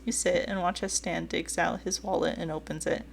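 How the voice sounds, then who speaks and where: A woman's voice: lowish voice, flat delivery, normal speed, creaky, hardly any pauses, a little hiss or hum. A woman streamer reading a dating game aloud, giggling and gushing in her asides.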